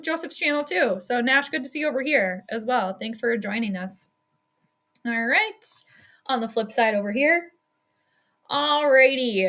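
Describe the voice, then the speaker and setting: A sports streamer calls a football game live from home in a casual play-by-play style. Her voice is high, bright and sharp, and she laughs often while reading messages from her chat along the way.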